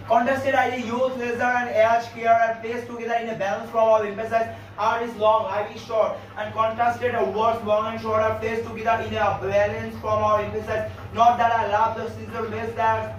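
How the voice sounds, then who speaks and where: A man teaching a class on figures of speech, speaking haltingly with many fillers and repeated phrases. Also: high-pitched, slight background noise. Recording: echoey room, distant lo-fi mic.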